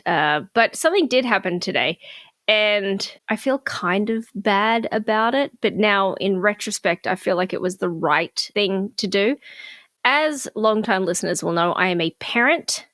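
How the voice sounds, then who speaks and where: A woman's voice: mid-range voice, lively intonation, unhurried, a bit bright, no room sound, studio quality. A middle-aged woman co-hosting a podcast, candidly telling a personal story in casual chat. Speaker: podcast co-host.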